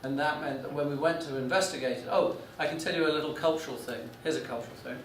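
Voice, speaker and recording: A man's voice: on the high side, recorded from a distance. A man lectures a class in a slightly raised voice, stopping and restarting often as he tells a story. The room is echoey and he sounds set back from the mic, with a faint hum behind him. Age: 40s. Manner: halting, many restarts and fillers.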